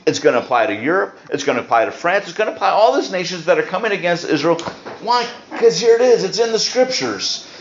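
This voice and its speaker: A man's voice: high voice, fairly bright tone, a little hiss or hum. A man preaching a sermon in an emphatic, repetitive way with sudden speed-ups. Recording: roomy, dull lo-fi sound.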